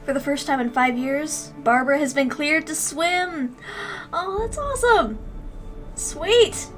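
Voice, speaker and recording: A woman streamer chatting casually on a live stream, gushing and excitable as she reacts and thanks her chat. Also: high-pitched, a little slow, faint music behind.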